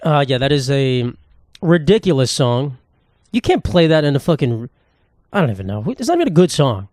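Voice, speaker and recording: A young man hosting a casual solo podcast, rambling and joking with lots of profanity and quick asides. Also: medium pitch, very animated, a little mellow, no room sound, clean studio sound. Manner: rambling, profane, jokey, fast-talking. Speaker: podcast host.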